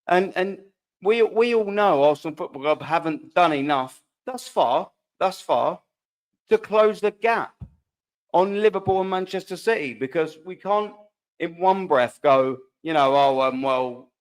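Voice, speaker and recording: Frustrated, chatty man hosting a fan panel. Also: a little high. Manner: animated, frustrated, chatty with filler asides. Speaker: host. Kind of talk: football fan panel talk.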